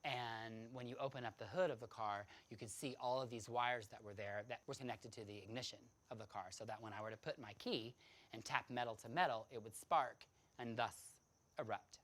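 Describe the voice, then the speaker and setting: A man telling a personal story to an audience, animated and dramatic, often laughing. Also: medium pitch, a little fast.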